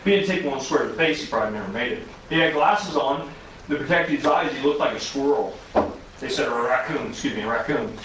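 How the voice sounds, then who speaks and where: A man's voice: medium pitch, fast, fairly bright tone, slight background noise. A man teaching a first responder safety course, telling an incident story with rhetorical questions to the class. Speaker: safety trainer. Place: arena recreation centre. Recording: distant, very echoey hall.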